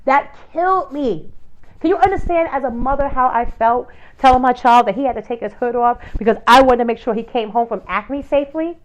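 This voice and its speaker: A woman in her thirties or forties from the United States hosts a talk show, delivering a passionate opinion monologue packed with rhetorical questions and fillers. Her voice sits high and moves briskly, though the audio sounds dull.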